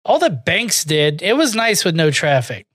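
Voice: medium pitch, big pitch swings, normal speed, a bit bright, husky, no room sound. Podcast co-host, teasing and edgy, drives topic changes, dry close mic. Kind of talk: casual crude comedy chat.

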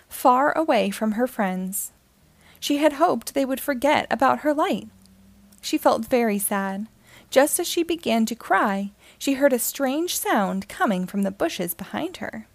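Woman reading a kids' picture book, fairly high voice, a bit of fry, dry close sound. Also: a little slow, no echo. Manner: gentle, expressive storytelling. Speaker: children's story reader.

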